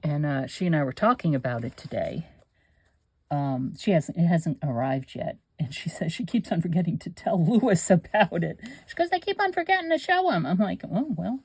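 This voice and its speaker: A woman's voice: deep voice, expressive, normal speed, a little mellow, slightly rough, no echo. An older woman hosting a craft channel, chatting casually and rambling to herself as she works. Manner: chatty, rambling, talks to herself while working. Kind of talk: casual chat while crafting.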